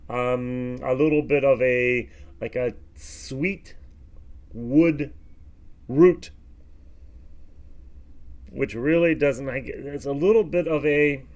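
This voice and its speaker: An American man giving a casual whisky tasting review, with animated, expressive reactions and plenty of fillers. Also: medium pitch, slow pace, long pauses. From United States.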